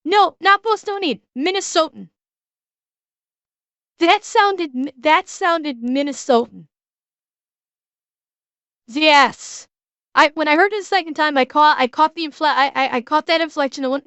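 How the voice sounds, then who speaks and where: A Canadian woman streaming herself reacting to a video, chatty and quick to laugh, with lots of restarts and casual swearing. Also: high voice, a bit bright, no echo. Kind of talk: casual live-stream chat.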